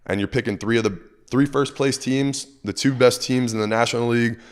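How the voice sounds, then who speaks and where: A hoarse man co-hosting a sports betting show, chatting casually and upbeat about his picks. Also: mid-range voice, a little fast. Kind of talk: casual chat.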